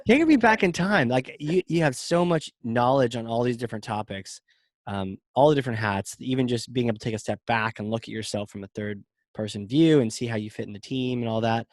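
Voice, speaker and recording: A man's voice: medium pitch, brisk, dry recording. A man with a Boston accent hosting a podcast, asking questions in an upbeat, playful way. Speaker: podcast host. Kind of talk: casual podcast conversation.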